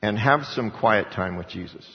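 Man, pastor, sermon, loud-then-quiet preaching, long hall echo, muffled lo-fi sound. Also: lowish voice, normal speed. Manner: preaching with sudden swings between loud emphasis and quiet asides.

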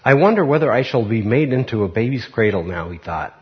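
A man voicing a gentle young tree in a storybook reading, in close to his own voice. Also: mid-range voice, big pitch swings, brisk, lightly acted. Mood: wistful. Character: young tree dreaming of being a cradle, gentle. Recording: muffled recording.

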